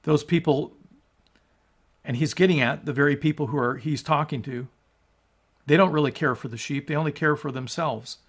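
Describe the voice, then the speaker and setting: A man's voice: fairly high pitch, normal speed, long pauses. A man preaching a sermon as a pastor, emphatic and conversational, asking his listeners rhetorical questions. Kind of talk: sermon on scripture.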